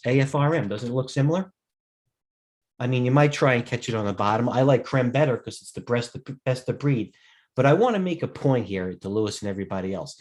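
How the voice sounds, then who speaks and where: A man's voice: medium pitch, lively intonation, a little fast, a little mellow. A middle-aged man hosting a live market commentary stream, tired and rambling as he digresses and stops to answer viewers' questions. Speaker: host and stock broker.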